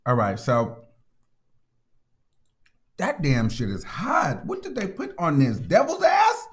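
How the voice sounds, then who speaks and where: A man hosting a casual gossip commentary show, telling stories in an animated, profane, dramatic way. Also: mid-range voice, slow pace. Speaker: host.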